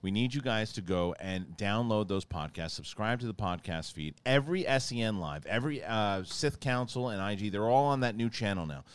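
New guy hosting a podcast, low voice, talks fast and swears a lot. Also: clear, resonant tone. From New York outer boroughs. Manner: rapid, animated, swears freely. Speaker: podcast host. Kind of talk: casual studio chat.

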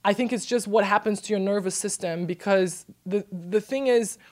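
As a podcast guest, a young Brazilian woman chats casually while telling a story, speaking at a normal speed. She laughs a lot, stays lively, and performs the quotes in a high voice.

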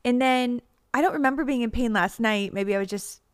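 A woman's voice: fairly high pitch, fairly quick, clean tone. A woman in her thirties co-hosting a podcast in casual chat, rambling and laughing often, a little tired. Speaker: podcast co-host.

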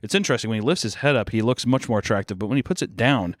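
A young man co-hosting a podcast, talking in loose, animated riffs with a mid-pitched voice. The recording is dry and close, with no room sound around him. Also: dry recording. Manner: animated, swearing, quick jokey riffs with put-on quotes. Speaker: podcast co-host. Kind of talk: casual chat.

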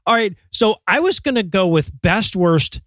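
A man's voice: high voice, expressive, normal speed, a bit bright, no room sound, clean studio sound. A man co-hosting a comedy podcast, steering the casual chat and swearing freely. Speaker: podcast co-host.

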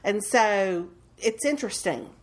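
A woman's voice: medium pitch, animated, measured pace. A woman in her thirties co-hosting a podcast from home, chatting casually with lots of fillers and restarts. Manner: rambling, self-correcting, many fillers. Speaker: podcast co-host. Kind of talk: casual chat. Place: home, dishwasher running nearby.

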